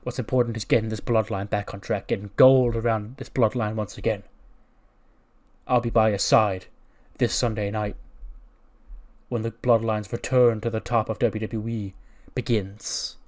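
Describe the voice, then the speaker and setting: A man's voice: lowish voice, steady tone, moderate pace, a little mellow, natural voice. A man voicing a menacing male wrestler rallying his family with a serious, commanding speech.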